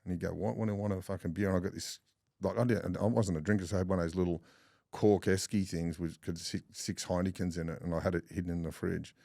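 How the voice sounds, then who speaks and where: Aussie guest, middle-aged bloke, very low gravelly voice, dry close sound, swears a lot. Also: male voice, fast talker, no echo. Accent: Australian. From Australia. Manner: swears often, animated yarn-spinning with laughs. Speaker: podcast guest. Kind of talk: casual storytelling chat.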